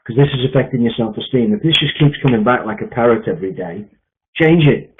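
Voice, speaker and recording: A man's voice: mid-range voice, lively intonation, quick pace, slight background noise. Male sales coach on a tinny line. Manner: emphatic, repetitive, with frequent fillers. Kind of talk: coaching session talk.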